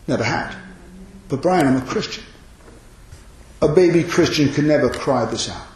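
A man preaching a sermon as pastor, impassioned, rising into loud cries on quoted lines. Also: on the high side. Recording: very echoey hall.

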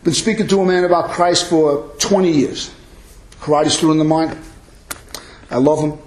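A man's voice: on the high side, moderate pace, a little mellow, roomy sound, rough recording. A man preaching a sermon as pastor, earnest and emphatic.

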